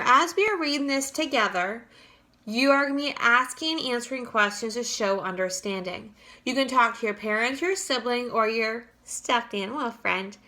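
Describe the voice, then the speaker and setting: A woman teacher reading a chapter book aloud to young children, lively and expressive. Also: a little high. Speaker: third-grade teacher.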